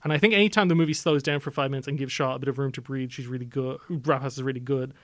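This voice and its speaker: A man's voice: medium pitch, fairly even intonation, racing, no echo, clean studio sound. A young adult man co-hosting a podcast, talking through a film in a casual, analytical way with many filler phrases. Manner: chatty, analytical, many "you know" fillers. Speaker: podcast co-host.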